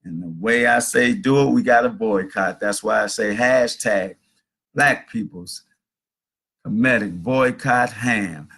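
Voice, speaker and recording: Gravelly, husky middle-aged male host. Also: lowish voice, a little slow, fairly bright tone. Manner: rambling, preachy storytelling. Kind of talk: casual livestream monologue. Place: at home.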